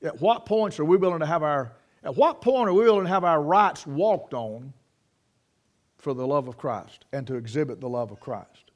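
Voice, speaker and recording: Folksy preacher, slightly high voice. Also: male voice, expressive, normal speed. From United States. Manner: folksy storytelling preacher, homespun sayings, frequent restarts. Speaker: pastor. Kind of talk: sermon.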